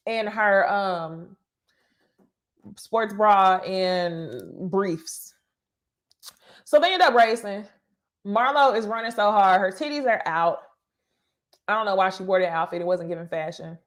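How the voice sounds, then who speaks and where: A woman hosting a casual reality TV recap, talking to viewers in an animated, profane way with laughing asides. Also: mid-range voice, a little slow, long pauses.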